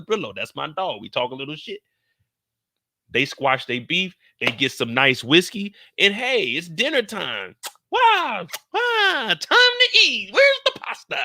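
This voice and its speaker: A man's voice: fairly high pitch, creaky, pushed and bright, no echo, clean studio sound. A man hosting a casual TV episode recap, joking, swearing and talking straight to his viewers. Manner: profane, joking, addresses viewers directly. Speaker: TV show recap host.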